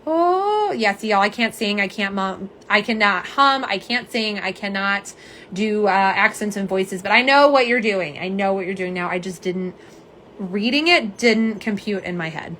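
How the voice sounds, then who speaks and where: A young woman hosting a casual live stream, slightly hoarse, chatty and self-deprecating as she talks to viewers. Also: medium pitch, moderate pace, a bit bright, a little hiss or hum. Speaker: live stream host showing nail polish swatches.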